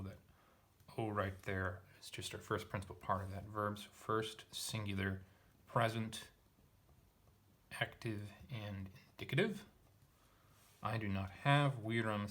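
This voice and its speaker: A man teaches Latin, methodically parsing verb forms and thinking aloud as he reads through a text. His voice is on the low side, a little slow and a bit bright.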